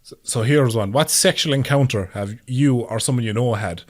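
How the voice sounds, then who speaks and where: Teasing host. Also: male voice, mid-range voice, moderate pace. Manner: teasing, laughs easily. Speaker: podcast host. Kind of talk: casual group chat.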